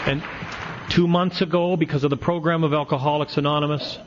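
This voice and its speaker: A man's voice: a little high, steady tone, brisk, a crowd in the background. A middle-aged man telling a self-mocking recovery story to a meeting, with wry humor. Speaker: AA speaker. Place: meeting hall with audience. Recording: dull lo-fi tape with faint hiss.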